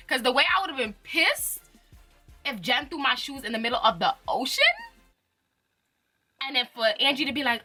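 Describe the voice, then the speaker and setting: Bright-voiced chatty woman. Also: mid-range voice, normal speed, faint music behind. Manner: chatty, animated, laughs often, slangy. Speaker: YouTube reality TV reviewer. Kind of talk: casual chat.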